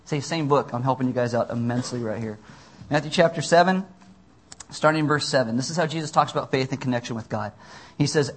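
A man's voice: mid-range voice, animated, fairly quick, breathy edge. A young adult man, a pastor, giving a conversational sermon, reading scripture aloud and adding casual asides.

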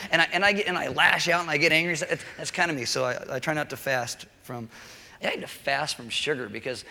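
Man, preacher, casual joking sermon, slightly high voice, long hall echo. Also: fairly even intonation, fairly quick, gravelly, bright, forceful tone. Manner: chatty, joking asides, keeps checking in with okay. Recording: long reverb of a large hall.

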